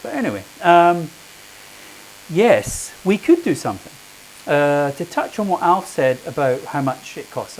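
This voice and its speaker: A middle-aged man answers questions from a room full of people, talking in a loose, anecdotal way and often doubling back on his words. His voice sits at an ordinary pitch, with a faint hiss running beneath the recording. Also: darkish tone, poor audio. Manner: chatty, anecdotal, frequent restarts. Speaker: panel speaker. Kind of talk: public talk answering questions. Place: meeting room with audience.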